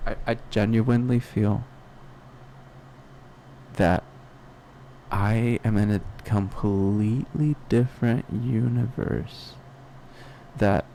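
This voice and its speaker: Slow, gravelly man musing to himself. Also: on the low side, warm tone, a little hiss or hum. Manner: rambling, self-questioning, many restarts and fillers. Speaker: podcast host. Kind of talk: personal reflective monologue.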